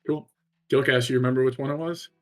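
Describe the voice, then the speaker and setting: Guy dm narrating a d&d session, easygoing, lots of uh and like, soft music under it. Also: medium pitch, steady tone, fast talker. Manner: casual, lots of "uh" and "like", laughs along. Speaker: dungeon master. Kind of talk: narrating a tabletop game.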